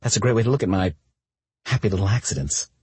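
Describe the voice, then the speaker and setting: A flustered young woman artist from a romance audiobook, as a male narrator puts her on, pitched above his usual voice. She sounds embarrassed and pleading, with a breathy, husky tone. It is recorded close and dry. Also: animated, fast, a little mellow, dry recording.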